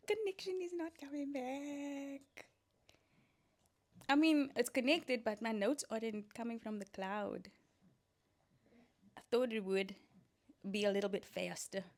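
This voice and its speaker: A woman's voice: mid-range voice, unhurried, pauses often. Woman podcaster chatting away, coachy and playful, solo show. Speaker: podcast host. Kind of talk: casual solo podcast talk.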